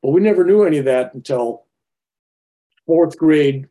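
Older man, mellow storyteller. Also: fairly high pitch, normal speed. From United States. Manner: rambling, animated, with frequent restarts. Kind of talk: personal storytelling.

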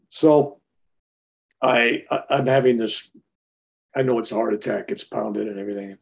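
A man in his seventies telling a personal story in a rambling, animated way, often restarting his sentences. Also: medium pitch, moderate pace, vocal fry. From United States.

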